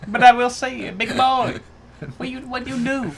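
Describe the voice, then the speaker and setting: Man doing a mock Vietnamese accent, broken English, bright and teasing. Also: extremely high pitch, fairly even intonation, normal speed. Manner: broken put-on English, mocking. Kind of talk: casual chat, livestream.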